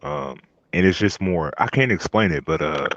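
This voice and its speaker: A man's voice: deep voice, big pitch swings, moderate pace, creaky, a bit bright, lo-fi sound, a little hiss or hum. A man hosting a casual chat, laid-back and slangy, chuckling often.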